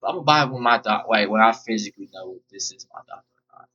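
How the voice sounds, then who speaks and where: A man's voice: on the low side, fast talker, sharp tone, slightly rough, dull audio. A young man rambling bluntly and profanely through a personal storytime vlog. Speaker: vlogger. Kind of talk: casual storytime monologue.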